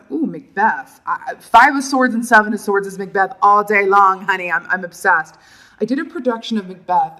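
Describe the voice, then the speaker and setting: A woman's voice: medium pitch, fairly bright tone. A middle-aged woman reads tarot cards in a loose, chatty way. Her manner is theatrical, with asides and little stories. She talks right to the viewer as if to a friend. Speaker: tarot reader. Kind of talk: casual tarot reading.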